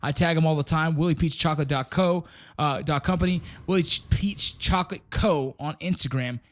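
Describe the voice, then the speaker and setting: A middle-aged man hosts a podcast from an office, his voice sitting a bit high for a man. He talks loosely and swears freely. He laughs a lot through his sponsor reads. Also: fairly quick. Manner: relaxed, swearing, laughing often. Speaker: podcast host. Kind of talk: casual chat with sponsor reads.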